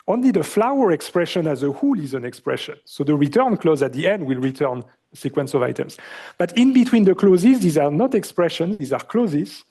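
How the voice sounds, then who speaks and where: A male university lecturer with a French accent, explaining in a lively lecture and often asking the class questions, with many fillers. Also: a little high. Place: lecture hall.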